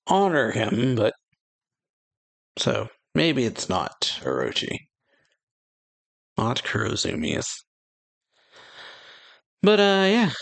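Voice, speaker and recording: Gravelly man reading through a chapter. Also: mid-range voice, no room sound. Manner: reads quoted lines aloud with a lift, hesitant fillers. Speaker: reaction channel host. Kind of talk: casual manga chapter read-through.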